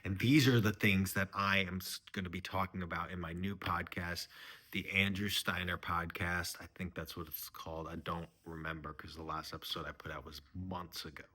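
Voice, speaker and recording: A man's voice: low-pitched, flat delivery, moderate pace, sharp tone. A man doing a mock-serious comedy monologue, rambling and earnest, sometimes trailing off to a whisper. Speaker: comedian host.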